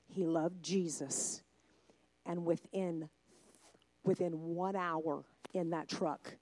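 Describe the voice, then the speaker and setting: A woman's voice: mid-range voice, darkish tone, dry recording. A middle-aged woman preaching a sermon, telling a family story with acted-out dialogue and rising to passionate emphasis.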